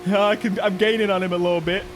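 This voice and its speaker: A man with an English accent giving excitable live commentary on a racing game, often yelping and shouting. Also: high-pitched, fast talker, soft background music. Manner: excitable, bursts into yelps and shouts. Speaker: gaming YouTuber.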